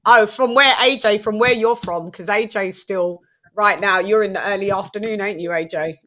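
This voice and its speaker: A woman's voice: mid-range voice, normal speed. A woman from the UK hosting a boxing livestream, chatting playfully with guests and greeting her chat with frequent laughs. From United Kingdom. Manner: chatty, playful, laughs often, gives shout-outs to chat. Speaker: livestream boxing show host.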